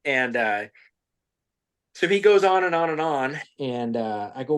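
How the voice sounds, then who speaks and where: A man's voice: on the high side, expressive, normal speed. A male podcast guest and business owner telling a casual story, acting out the voices he quotes, with many restarts.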